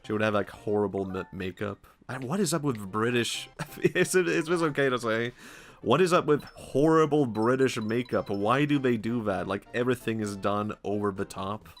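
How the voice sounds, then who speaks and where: A man from Sweden, streaming a game and chatting in a rambling, jokey way, laughing often. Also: fairly low pitch. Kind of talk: casual gaming stream commentary.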